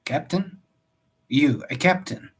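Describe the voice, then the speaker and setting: A man's voice: fairly high pitch, lively intonation, takes it slowly, husky, exaggerated voice. A man doing a pompous, indignant settler husband. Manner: pompous, demanding.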